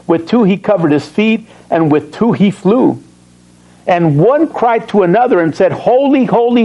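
Lively preaching man, quick-paced. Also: fairly high pitch, poor audio. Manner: animated, asks the congregation questions and answers himself. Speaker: pastor. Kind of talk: sermon.

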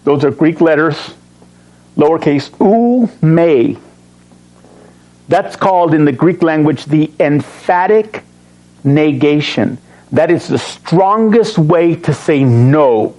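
A man teaching a Bible study, reading verses slowly and stressing key words, with joking asides to his class. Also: a little high, expressive, a little mellow, low-quality recording. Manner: emphatic, slows to read verses, joking asides.

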